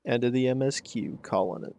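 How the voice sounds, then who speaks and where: A man's voice: mid-range voice, brisk, mellow, a little hiss or hum. Laid-back man chatting over gameplay. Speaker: gaming channel host. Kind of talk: casual gameplay commentary.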